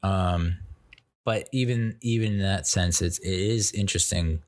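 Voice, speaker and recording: Man, deep low voice, casual movie chat, rambling, lots of fillers, young adult. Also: a little slow, a little mellow. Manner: rambling, filler-heavy, self-interrupting. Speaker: podcast host reviewing movies.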